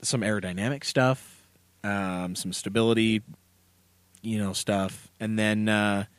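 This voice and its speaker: Low-voiced joking male podcast co-host. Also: fairly even intonation, a little slow, smooth, no room sound. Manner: rambling, joking, with many fillers. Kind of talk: casual chat. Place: basement podcast room.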